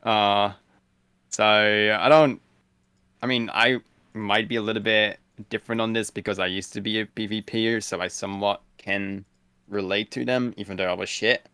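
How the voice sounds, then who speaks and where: A man's voice: lowish voice, fairly even intonation, moderate pace, pushed and bright, clear, resonant tone, no room sound. A man chatting casually on a podcast, laid-back and blunt, with many "like" fillers. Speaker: guest streamer.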